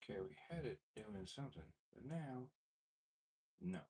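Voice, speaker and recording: A man's voice: mid-range voice, animated, normal speed, dark tone, breathy edge. A man casually testing a guitar effects pedal, muttering to himself as he fiddles and making mildly exasperated asides. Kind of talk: casual gear demo, thinking aloud.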